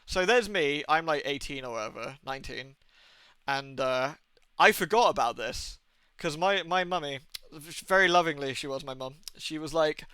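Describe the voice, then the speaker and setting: A British man in his thirties chats over his game stream in a loose, rambling way, swearing now and then. His voice sits a little high and rings bright and forceful. The sound is close and dry, with no room around it. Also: normal speed, clean tone, dry recording. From Britain. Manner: rambling, anecdotal, swears freely. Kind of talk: casual gaming stream chat.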